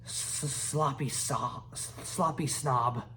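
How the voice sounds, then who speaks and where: A man's voice: medium pitch, takes it slowly, pushed and bright, a little hiss or hum. A man voicing a small, grumpy male dragon who stutters on his first sounds. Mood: jeering.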